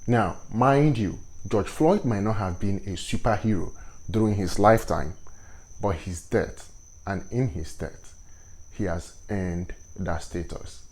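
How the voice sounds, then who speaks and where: A man with a Nigerian accent, whose first language is Igbo, hosts a vlog with commentary on current events. His voice is lowish with a darkish tone, and his delivery is measured, deliberate and earnest.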